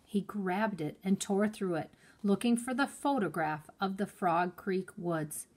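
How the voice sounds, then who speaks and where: A woman teacher reading a children's chapter book aloud in an expressive storytelling manner. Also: mid-range voice, measured pace.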